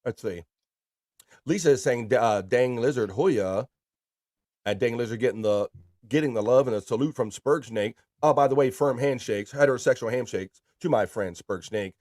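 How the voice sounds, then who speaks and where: A man hosting a casual live stream, reading viewer comments aloud with playful shout-outs. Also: mid-range voice, normal speed, dry recording, clean studio sound. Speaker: livestream host.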